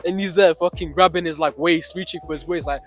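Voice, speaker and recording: Animated young man, high voice. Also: a little fast, soft background music. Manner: animated, swearing, slangy, swings between excited and low. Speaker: vlogger. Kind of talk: casual storytelling to camera.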